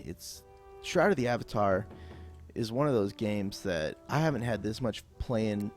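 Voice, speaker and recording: In an improvised game tutorial voice-over, the host, a man with a lowish and slightly mellow voice, rambles casually and uses a lot of fillers.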